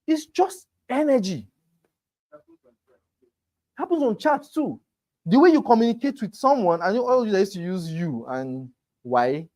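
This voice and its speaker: A man's voice: high voice, big pitch swings, unhurried, long pauses, dark tone. A man teaching a sales class, emphatic and talking straight to his students. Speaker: real estate sales trainer. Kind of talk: motivational class lecture.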